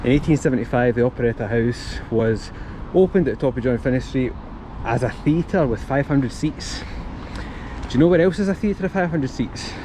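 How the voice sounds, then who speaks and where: A Scottish man strolls through a town centre street, chatting and joking as he reads facts aloud in a quiet, mid-pitched voice. Traffic and street noise are clearly heard around him outdoors. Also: normal speed. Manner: chatty, jokey, quietly spoken. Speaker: streamer on a guided town walk. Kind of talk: casual walking tour, reading facts aloud.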